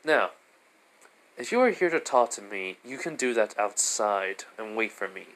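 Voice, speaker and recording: A man voicing a stiffly formal, polite young man in a fan story, speaking low-key and clipped. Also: lively intonation, a little slow, fairly bright tone.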